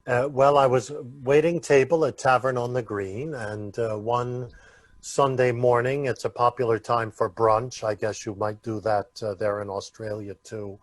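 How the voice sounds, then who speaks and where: A man from the United States, a guest on an interview podcast, telling stories at an easy pace with many small pauses. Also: mid-range voice, steady tone, dry recording. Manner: unhurried, full of "uh" pauses. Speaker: guest, Yiddish actor. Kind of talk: relaxed storytelling in an interview.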